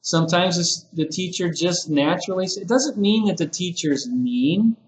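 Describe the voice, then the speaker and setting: A fairly high-voiced man takes trainee teachers through classroom phrases, acting each one out as he goes. He talks like a relaxed lecturer, and the echo of the room he is in carries under his voice. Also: moderate pace. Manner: conversational, acts out sample teacher phrases. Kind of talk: lecture-style teaching video. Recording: echoey room.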